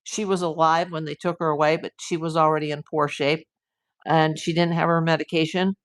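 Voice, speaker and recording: A woman's voice: low-pitched, little pitch movement, a little fast. A woman hosting a live stream as a private investigator, talking through a case with emphatic, indignant rhetorical questions. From USA.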